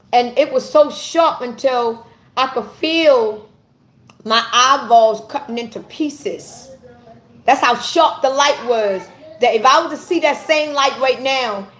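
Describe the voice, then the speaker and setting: A woman giving an earnest personal testimony to camera, halting and often repeating her words as she searches for them. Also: sits high. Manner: earnest and intense. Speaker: vlogger.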